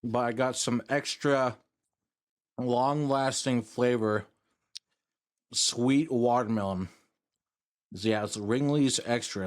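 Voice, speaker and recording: A young man streaming as a VTuber, chatting casually with his viewers in a rambling, jokey way while drowsy after a meal, into a streaming microphone. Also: medium pitch. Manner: rambling and jokey, addressing chat. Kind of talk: casual live-stream chat.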